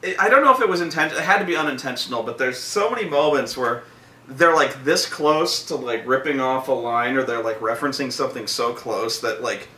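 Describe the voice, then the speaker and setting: A man's voice: mid-range voice, brisk. Rambling, swearing man in an echoey room. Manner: rambling, profane, acts out quotes in loud voices. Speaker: vlog host reviewing a movie. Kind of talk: casual chat. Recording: roomy echo, from a distance, faint noise.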